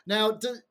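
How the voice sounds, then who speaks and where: A man hosting a comedy podcast, joking and laughing often, trailing off with fillers. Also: very high voice. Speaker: podcast host. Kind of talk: casual comedy chat.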